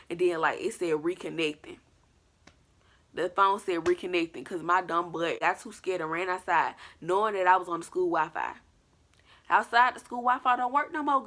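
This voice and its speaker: Woman vlogger, slightly low voice, casual and animated, acts out her story. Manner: animated, colloquial, acts out scenes. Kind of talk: storytime vlog.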